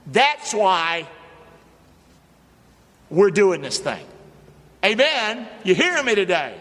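Pastor, male, high and animated, preaching call-and-response in a reverberant sanctuary. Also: slow, pauses often. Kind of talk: sermon. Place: church sanctuary.

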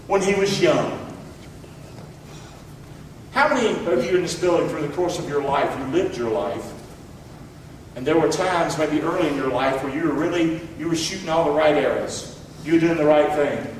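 A man with a voice on the high side preaches in a church hall, urging the congregation to say words back to him. The sound is distant and echoey, with slight background noise.

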